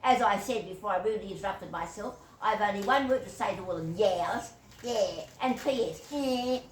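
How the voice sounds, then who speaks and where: A woman's voice: medium pitch, moderate pace. Chuckly older Australian woman, echoey room. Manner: chuckling, digressive, whimsical. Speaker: YouTuber. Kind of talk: rambling storytelling monologue. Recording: echoey room, distant mic, faint hiss.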